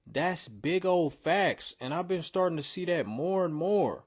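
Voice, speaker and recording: A man's voice: a little high, a little slow, few pauses, faint music behind. Blunt, slangy man critiquing rap verses. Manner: blunt, slangy and animated when coaching. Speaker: host reviewing song submissions. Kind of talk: casual music critique.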